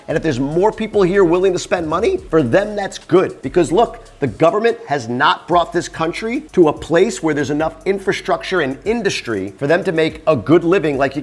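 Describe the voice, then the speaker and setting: A man from the United States talking casually to his viewers, opinionated and animated, and he mocks commenters in put-on voices. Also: mid-range voice. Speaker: vlogger living abroad. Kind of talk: casual opinionated talk to camera.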